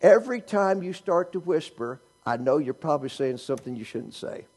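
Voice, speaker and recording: Husky, lively preacher man. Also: a little high, brisk. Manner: animated preaching, rhetorical questions, teasing humor. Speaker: pastor. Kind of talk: sermon.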